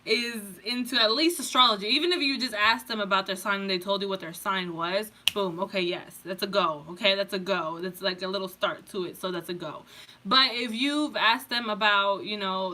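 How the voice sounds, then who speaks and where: A woman's voice: mid-range voice, steady tone, a little fast, sharp tone. A woman tarot reader giving a casual pick-a-card reading, rambling, swearing freely and laughing often.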